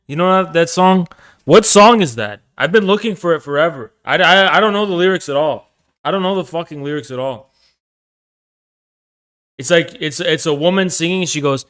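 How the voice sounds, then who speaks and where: Foul-mouthed streamer ranting outdoors in wind. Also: male voice, on the high side, moderate pace. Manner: crude, profane and excitable. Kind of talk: casual livestream chat. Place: outdoors on a windy street.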